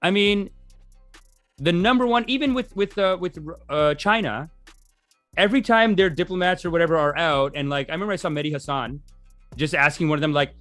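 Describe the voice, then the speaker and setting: A man's voice: a little high, a little fast, a bit bright, soft background music. A man hosting a livestream, giving casual, rambling commentary and laughing often. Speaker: livestream host.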